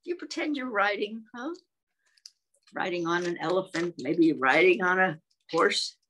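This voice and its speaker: A woman reading and singing to young children in a gentle voice, often asking them questions and clearing her throat. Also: on the low side, animated, measured pace, slight background noise. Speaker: children's storyteller.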